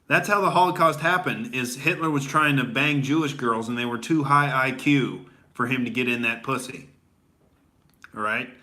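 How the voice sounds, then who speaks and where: A man's voice: medium pitch, normal speed, pushed and bright. A young adult man doing a comedy rant as a boastful gym bro, rambling with lots of "dude" and "all right?". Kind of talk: stand-up style comedy rant.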